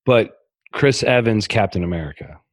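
This podcast guest has a fairly low, animated voice at a moderate pace, recorded with no room sound. His laid-back conversation is a string of rambling, darkly comic anecdotes riddled with fillers and restarts.

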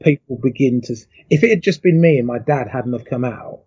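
Interview guest: middle-aged man, mellow and slightly husky, reflective storyteller, lots of ums. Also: mid-range voice, a little fast. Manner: reflective, emotional retelling with many fillers. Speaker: interview guest, former athlete.

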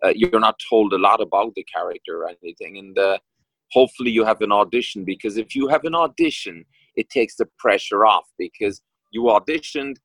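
Chatting casually as an interview guest, this middle-aged actor from County Kerry, Ireland, speaks with an Irish accent and keeps rambling, restarting and filling pauses. His low, gravelly voice is sing-song, a bit bright and slightly rough, and the recording is dry and low-quality.

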